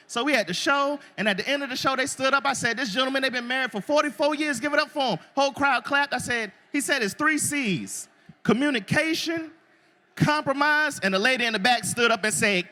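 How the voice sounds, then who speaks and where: A male stand-up comedian from Florida, working the crowd loudly at a live show and acting out other people's voices. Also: extremely high pitch, brisk. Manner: loud crowd work, acts out characters' voices. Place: live show before an audience.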